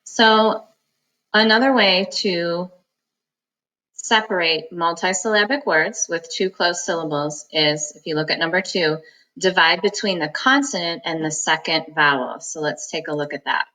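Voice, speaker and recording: A woman teaching a reading lesson, sounding out words slowly, syllable by syllable, for students. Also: fairly low pitch, pushed and bright, rough recording. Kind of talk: phonics lesson.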